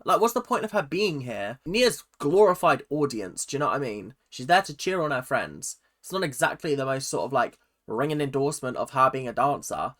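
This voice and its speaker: A woman hosting a reaction video, ranting with animated exasperation and talking back at the screen. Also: low voice.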